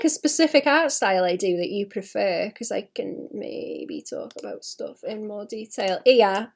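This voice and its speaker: A woman's voice: a little high, a little mellow. A woman in her late twenties, an artist chatting casually on a livestream while drawing, swearing freely and laughing at herself. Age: late 20s.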